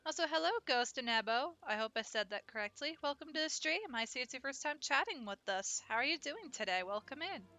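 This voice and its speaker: A woman's voice: high-pitched, lively intonation, brisk, hardly any pauses, pushed and bright, no echo. A woman streaming a game, chatting casually and rambling to her viewers. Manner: chatty, rambling, friendly to chat. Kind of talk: casual live-stream chat.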